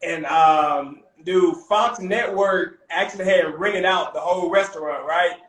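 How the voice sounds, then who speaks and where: A young man, a private chef, casually telling animated stories as a podcast guest. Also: high-pitched, a little slow. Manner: animated, peppers talk with "man" and "bro". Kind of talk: casual storytelling. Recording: roomy echo.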